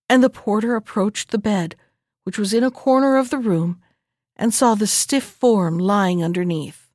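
A woman host reading a fairy tale aloud in a measured, clear way. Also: medium pitch, a little mellow, no echo, clean studio sound. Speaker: storyteller host.

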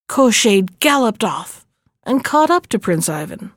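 A woman reading a fairy tale aloud in a slow, measured narrating voice. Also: fairly high pitch, sing-song, no echo, studio quality. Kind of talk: storybook reading.

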